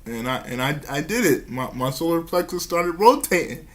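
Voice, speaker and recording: This vlogger, a man with a fairly high, expressive voice, stumbles through stories of his personal life, stammering, repeating himself, and letting out nervous giggles between phrases.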